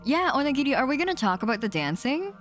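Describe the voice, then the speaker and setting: A woman's voice: high voice, sing-song, fast, faint music behind. A woman streaming a game, commenting in a chatty, rambling way and giggling often. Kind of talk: casual live-stream commentary.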